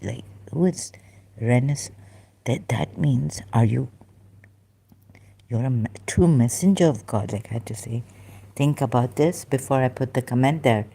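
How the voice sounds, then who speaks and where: A woman with a rumbling low, gravelly, dark and slightly rough voice speaks at normal speed. As a vlogger talking casually to camera, she rambles in a monologue, often breaking off mid-sentence to restart her thoughts.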